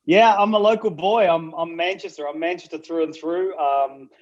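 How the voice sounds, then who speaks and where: A man's voice: a little high, moderate pace, dull audio. A middle-aged man with an Australian accent, a pastor telling his life story in a casual interview with jokey anecdotes over a video call. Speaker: pastor, guest.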